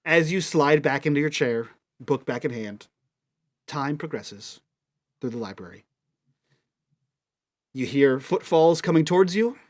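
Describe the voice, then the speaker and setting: Game master man with a slightly high voice. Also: unhurried, pauses often. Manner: relaxed, lots of ums and likes. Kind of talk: narrating a tabletop role-playing game.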